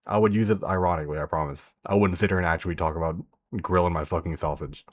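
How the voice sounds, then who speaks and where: This streamer, reacting to a video, has a deep voice and a steady tone and talks fast. Laid-back and heavy on the profanity, he addresses his chat directly throughout the casual conversation.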